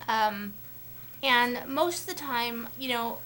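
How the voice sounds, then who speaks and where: Young female vlogger, slightly high voice, loose rambling delivery full of fillers, faint hiss on the recording. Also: a little slow, a bit bright. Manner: rambling, many fillers and restarts. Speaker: vlogger on a collab channel. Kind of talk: casual talk to camera.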